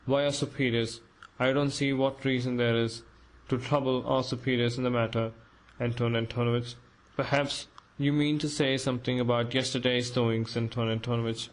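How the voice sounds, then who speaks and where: A man's voice: mid-range voice, level tone, moderate pace, natural voice, low-quality recording. Man reading a timid, pleading clerk. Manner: pleading, flustered. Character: timid, anxious middle-aged clerk, man.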